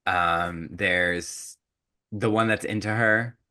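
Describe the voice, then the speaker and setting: A man co-hosting a podcast, recapping a film in casual chat and acting out characters in quick asides. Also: low voice, fairly even intonation, bright, forceful tone. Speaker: podcast co-host.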